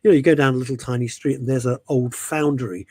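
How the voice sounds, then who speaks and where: A man's voice: medium pitch, steady tone, fast talker, mellow, no echo. A man from England hosting a radio show, chatting in a jokey, rambling, self-mocking way.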